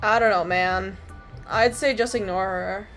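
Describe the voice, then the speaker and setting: A woman's voice: mid-range voice, steady tone, a little slow, a bit bright, faint music behind. A young woman from Canada, chatting casually to her stream viewers in a rambling, filler-heavy way and swearing freely.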